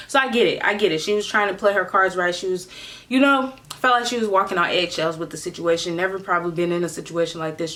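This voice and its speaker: Young woman, casual storytime, slangy, animated, acts out quotes. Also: mid-range voice. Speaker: vlogger telling a story.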